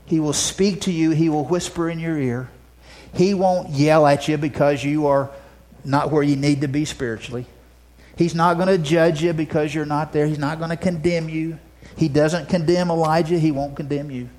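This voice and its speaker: A male pastor preaching a sermon. He moves from loud, emphatic declarations to soft, hushed asides and often repeats words as he restarts phrases. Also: on the high side, steady tone, normal speed.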